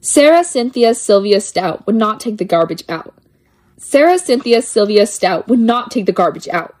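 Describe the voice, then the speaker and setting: A woman's voice: medium pitch, darkish tone. A woman reading children's poems aloud with a lilting, playful sing-song delivery. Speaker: poetry reader.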